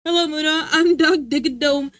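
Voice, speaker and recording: A woman voicing a pompous rich male cartoon tycoon in a grandiose, drawn-out announcing manner. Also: high voice, no room sound, natural voice.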